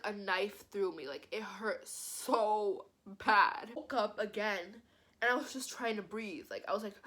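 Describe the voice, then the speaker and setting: A young woman vlogger telling a personal story in a casual, animated way, filling her speech with "like". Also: medium pitch. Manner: animated, says "like" constantly. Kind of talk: storytime vlog.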